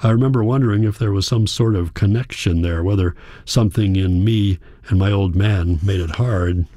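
A man reading a novel aloud in a measured, reflective storytelling manner. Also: lowish voice, warm tone, no room sound, studio quality. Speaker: audiobook narrator. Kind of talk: scripted narration.

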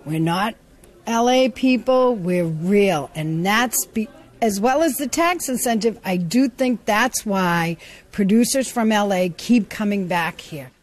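Slow-talking woman. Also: medium pitch, lively intonation. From Boston. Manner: emphatic, repeats for stress. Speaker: casting director.

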